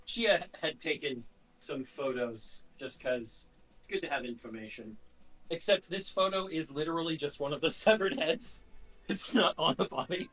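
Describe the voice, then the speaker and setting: A man's voice: fairly high pitch, moderate pace, fairly bright tone, recorded from a distance, soft background music, poor audio. A man playing in a tabletop game, hesitant, stacking fillers and repeated words. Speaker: player. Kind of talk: tabletop game role-play.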